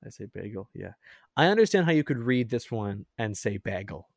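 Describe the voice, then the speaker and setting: A man's voice: on the low side, big pitch swings, brisk, gravelly, no echo, studio quality. A man hosting a podcast in casual chat, rambling and chatty, often laughing. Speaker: podcast host.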